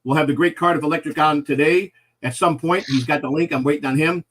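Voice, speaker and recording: Bright-voiced rambling male show host. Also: fairly high pitch, steady tone, fast talker. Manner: rambling, filler-heavy. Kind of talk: casual live show hosting.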